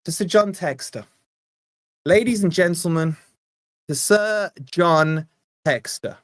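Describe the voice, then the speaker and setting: Young lad hosting a live fan stream, brash and jokey, tired, dry close mic. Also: male voice, high voice, slow pace, no echo. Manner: brash, mocking, excitable banter. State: tired from lack of sleep. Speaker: football fan channel host.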